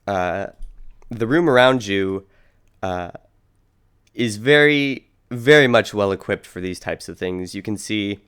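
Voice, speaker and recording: Low-voiced male game master. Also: slow, clear, resonant tone. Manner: relaxed, loose narration with many "uh" and "kinda". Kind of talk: narrating a tabletop game.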